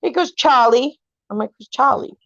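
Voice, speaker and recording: A woman's voice: high voice, moderate pace, gravelly, no room sound. Woman in her 40s, chatty storyteller who voices every quote, dry close sound, dull lo-fi recording. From California. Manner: animated, acts out quoted voices, swears casually. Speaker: family member telling ghost stories. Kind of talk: casual storytelling chat.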